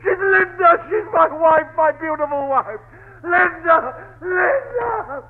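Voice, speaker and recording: A man's voice: extremely high pitch, normal speed, heavy background noise. An actor playing a desperate husband losing his nerve, stammering and crying out, in a 1940s radio play on a tinny old recording. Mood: anguished. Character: desperate husband unravelling with horror.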